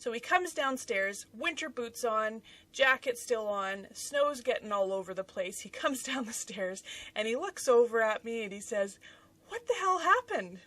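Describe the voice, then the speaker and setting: A woman in her thirties telling a story casually at her desk at home, animated and dramatic, with big swings in loudness. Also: a little high, moderate pace, far from the mic. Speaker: author and YouTuber.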